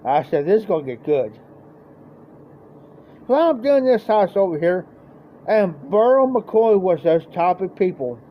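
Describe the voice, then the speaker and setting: Speaking in a high-pitched, very animated voice, a man with a Midwestern accent drifts through a folksy yarn on a live stream, voicing each person in it. He goes a little slowly and leaves long pauses. The recording is dull lo-fi stream audio with a faint hiss of noise.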